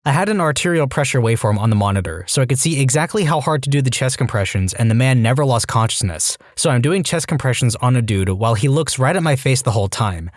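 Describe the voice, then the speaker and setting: A man reading Reddit stories aloud as a podcast narrator, animated and quick to jump into acted quotes. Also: mid-range voice, no echo, clean studio sound.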